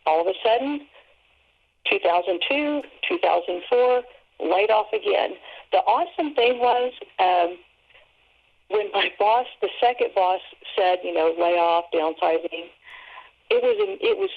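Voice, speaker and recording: Middle-aged woman, earnest author guest, gravelly edges, phone-call sound. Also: medium pitch, sing-song, unhurried. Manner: earnest faith testimony. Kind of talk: radio interview. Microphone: telephone. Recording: tinny phone line.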